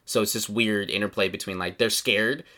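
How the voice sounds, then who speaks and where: Lowish bright-voiced guy running a tabletop game, rambly descriptions. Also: fairly even intonation, moderate pace. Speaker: game master.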